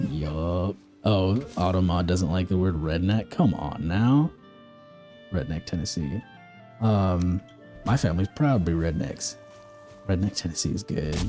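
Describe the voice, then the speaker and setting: A man's voice: sits low, a little mellow. A man from the American Midwest streaming a game, chatting casually and rambling while answering his chat. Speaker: live streamer.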